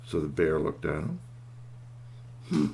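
Gravelly man telling a folksy tale. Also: on the low side. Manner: lively, folksy, puts on voices for animals. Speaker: storyteller. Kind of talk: oral storytelling.

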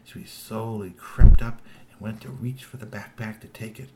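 Give me a low-voiced man telling a children's story with lots of voices. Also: moderate pace, heavy background noise. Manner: lively with many put-on voices.

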